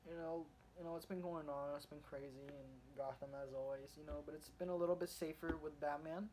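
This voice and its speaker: A man with a fairly high voice talks through a comic book review, hopping from scene to scene with eager energy. He rambles, restarts his sentences, and leans heavily on fillers as he goes. A faint hiss of noise sits under his voice. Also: brisk, poor audio. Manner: excited retelling of the story.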